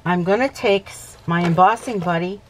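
Woman, craft tutorial host, lowish voice, chatty, self-correcting, faint background hiss. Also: moderate pace. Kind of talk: casual crafting demonstration.

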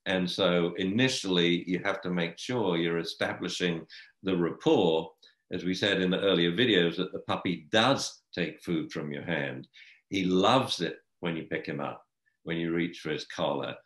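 A man's voice: low-pitched, moderate pace, a bit bright, reverberant. An older man, a dog trainer, talking in a chatty way and laughing often. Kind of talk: casual discussion.

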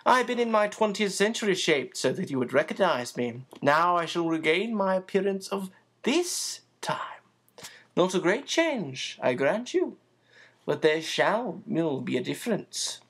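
A reader voicing an old male shopkeeper and magician who speaks softly but with authority, in slow, measured, formal sentences. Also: mid-range voice, very animated, slightly rough. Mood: calm, commanding.

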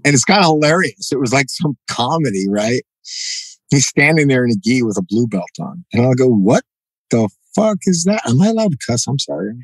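Middle-aged male guest, animated storyteller, mid-pitched, dry close sound. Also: brisk, breathy edge, dry recording, low-quality recording. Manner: animated, acts out quoted dialogue, frequent "you know" and "right?". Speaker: podcast guest, jiu-jitsu black belt. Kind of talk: casual storytelling interview.

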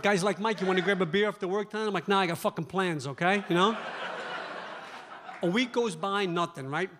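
A man performing stand-up comedy at a club, telling a story in a fast, animated way and often tagging lines with "right?". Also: high-pitched, noisy background.

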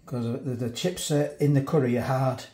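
A man's voice: mid-range voice, fairly even intonation, normal speed, dark tone. A man casually reviewing food for his vlog, chatty, often restarting and eating while he talks. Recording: echoey room from a distance.

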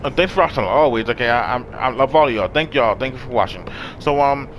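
A young man streaming a video game, shouting, cursing and shrieking in frantic play-by-play, then winding down in a tired sign-off. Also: quick pace, slight background noise. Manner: yelling, cursing, high-pitched shrieks when panicked. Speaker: gaming streamer. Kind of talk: frantic gameplay commentary.

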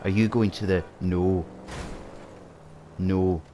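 Deep-voiced man muttering dry game commentary. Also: fairly even intonation, slow, dark tone, soft background music. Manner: dry sarcastic muttering to a teammate. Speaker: gaming channel host. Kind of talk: casual gameplay commentary.

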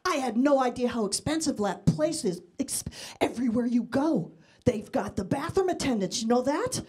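Speaking directly to a laughing, noisy comedy club crowd, a middle-aged Mexican-American woman from Mexico performs bawdy, brash stand-up with a handheld mic. Her voice is on the high side, husky and a little mellow, with lively intonation and a moderate pace.

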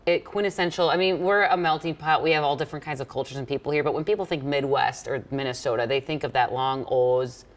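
A woman's voice: low voice, quick pace, few pauses. A woman news presenter interviewing a guest in a friendly, conversational way. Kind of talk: TV interview questions.

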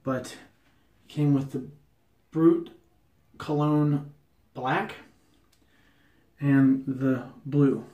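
A man's voice: mid-range voice, steady tone, very slow, pauses often, mellow. A man with an Ohio accent, chatty and self-deprecating, doing a casual shaving review on his porch. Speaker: wet shaving YouTuber. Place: porch at home.

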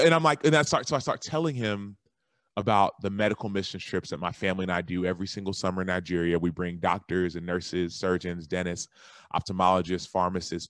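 Animated man telling a story, low voice. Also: no room sound, clean studio sound. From Texas. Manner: animated storyteller, jumps to high excited voices when quoting himself. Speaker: guest, former football linebacker and author. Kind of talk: casual storytelling interview.

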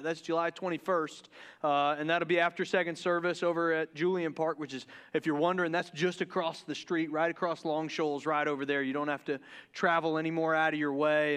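A man from the Deep South, preaching a casual, joking sermon to his church and tripping over his words in his excitement. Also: clean tone. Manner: joking, excitable, stumbles and restarts. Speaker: pastor. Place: church sanctuary.

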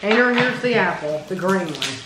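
A woman's voice: lowish voice, expressive, moderate pace, noisy background. Lady running a snack taste test at home, chatty, talks us through each one, bit of room echo. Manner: chatty, leads the tasting step by step. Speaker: host of a candy review channel. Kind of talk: casual taste-test chat.

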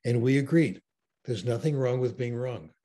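A man's voice: mid-range voice, normal speed. An older man talks with enthusiasm, telling stories in a conversational interview. His voice sits in a middle range. He sounds like he is on a video call. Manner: enthusiastic storyteller, animated. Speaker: interview guest.

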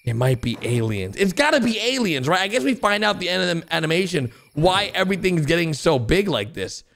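A man excitedly commenting on cartoon clips for viewers, exclaiming, gasping and laughing as he goes. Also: high voice, brisk, vocal fry, slight background noise. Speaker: host reacting to animations.

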